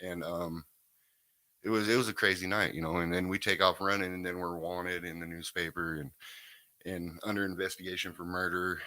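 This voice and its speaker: A man's voice: low-pitched, level tone, normal speed, pushed and bright, dry recording. A man, talking in a laid-back, rambling way as a guest recounting his recovery story. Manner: laid-back, rambling, lots of "you know what I mean". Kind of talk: casual interview chat.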